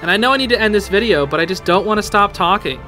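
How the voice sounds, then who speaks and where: A man giving a casual, excited reaction to a show's episode, full of slang and calling the listener dude and bro, and a bit emotional about it. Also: sits high, fast, soft background music. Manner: emotional, a little teary. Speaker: YouTube show reviewer.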